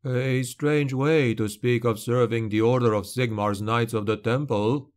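A man voicing a cunning male steward who speaks in a quiet, measured, cautioning tone. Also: mid-range voice, fairly even intonation, lightly acted. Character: cunning middle-aged male steward, calm and warning.

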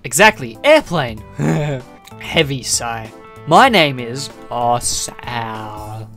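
A man plays through a visual novel, reading the text aloud and adding rambling, jokey remarks. His pitch swings around a lot as he talks. Soft music runs faintly behind him. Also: big pitch swings, very slow. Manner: jokey, rambling running commentary. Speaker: gaming video creator.

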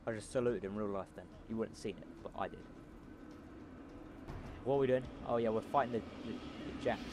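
Goofy man shouting over game gunfire. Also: lowish voice, a little fast. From not American. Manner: loud, goofy, shouting repeated battle cries. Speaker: gameplay commentator. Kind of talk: casual gameplay commentary. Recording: noisy with game gunfire behind. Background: game gunfire and engine noise.

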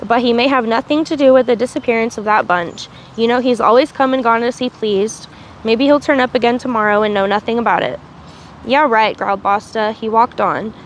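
A woman's voice: on the high side, brisk, slight background noise. A woman reading a novel aloud on a livestream, with small slips and restarts. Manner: reads with small slips and restarts, asides in between. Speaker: reader.

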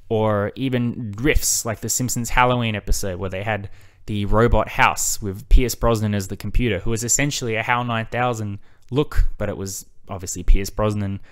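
A man's voice: mid-range voice, clean tone. A man hosting a film analysis video, talking in a casual, enthusiastic way and swearing now and then.

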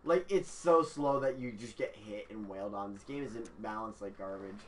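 A man's voice: on the low side, normal speed, a little hiss or hum. A man commenting bluntly on a video game, swearing casually. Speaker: let's play commentator. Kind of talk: casual gameplay chat.

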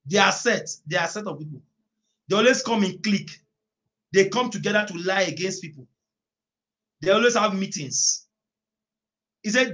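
This high-pitched male preacher leads an online prayer meeting, forcefully reading from scripture. He repeats lines and erupts into prolonged shouts.

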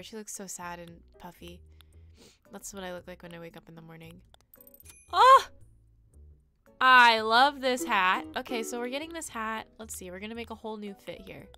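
A woman live-streaming a game, chatting to herself in a giggly, excitable way. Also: mid-range voice. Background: game music.

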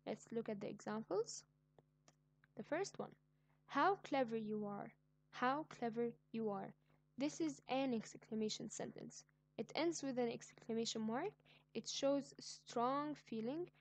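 A woman teaching an online grammar lesson, speaking slowly and clearly and repeating each example sentence. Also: a little high, no room sound. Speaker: English teacher.

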